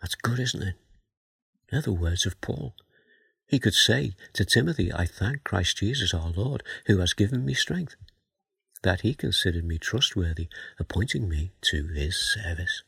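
Slow, husky, gravelly-voiced male preacher. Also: low voice, lively intonation, sharp tone, no echo. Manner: measured, questioning, reads scripture aloud. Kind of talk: Bible teaching sermon.

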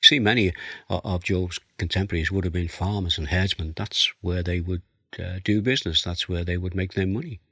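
Husky deep-voiced man preaching. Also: fairly quick, a bit bright, no room sound. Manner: expository, reads scripture aloud. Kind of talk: sermon.

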